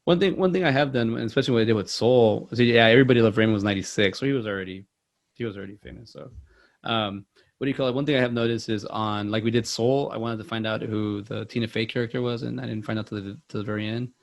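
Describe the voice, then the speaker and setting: A man's voice: fairly low pitch, quick pace, vocal fry. A man hosting a movie podcast in casual, rambling chat, self-deprecating with many restarts. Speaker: podcast host.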